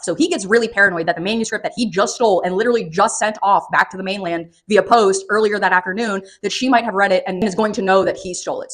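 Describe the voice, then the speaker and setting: Sarcastic, swearing woman reviewing a book. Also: medium pitch. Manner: profane, animated, sarcastic recapping. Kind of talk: casual spoken book review.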